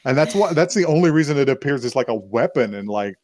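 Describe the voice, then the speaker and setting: A man's voice: mid-range voice, lively intonation, fast, a little mellow. Man casually retelling a story. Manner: loose and profane, acts out characters' lines mid-story. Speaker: podcast co-host. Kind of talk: casual chat recapping an anime.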